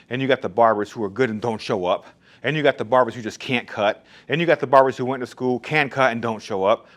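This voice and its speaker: A man who owns a barbershop, talking bluntly and emphatically in a casual monologue about his shop rules. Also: mid-range voice. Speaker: barbershop owner. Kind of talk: casual straight-talk monologue.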